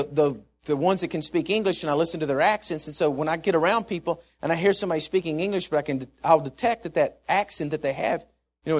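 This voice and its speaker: A man with a high voice preaches a sermon to his congregation. He swells on the lines he wants to land and drops quiet and low for asides. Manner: emphatic, rising to stressed points and dropping low for asides.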